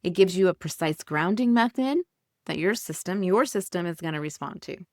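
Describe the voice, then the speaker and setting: Low-voiced lady podcast host, calm coachy talk, dry room. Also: moderate pace, no room sound. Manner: soothing, guides listeners through breathing. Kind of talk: casual podcast monologue.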